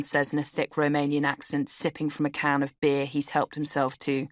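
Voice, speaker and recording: A woman narrates her own memoir in a wry, conversational way. Her voice sits low. The studio recording is close and dry. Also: completely flat delivery, moderate pace, no echo. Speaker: author reading her memoir. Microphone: studio microphone.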